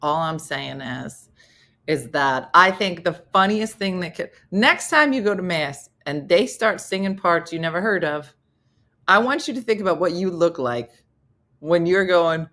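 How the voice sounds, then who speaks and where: A middle-aged woman hosts a casual comedy morning show, telling stories and acting out quotes in sing-song voices. Her voice is on the low side, fairly bright and expressive, at a measured pace.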